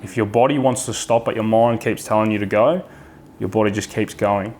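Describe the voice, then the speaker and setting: A man's voice: fairly low pitch, steady tone, fairly quick, a little mellow, a little hiss or hum. A man with an Australian accent, a podcast guest talking frankly in casual chat, swearing freely and restarting his sentences often.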